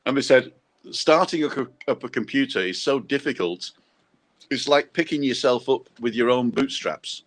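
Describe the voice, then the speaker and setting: A man's voice: medium pitch, moderate pace. An older man hosting a casual chat, telling long rambling anecdotes. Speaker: podcast host.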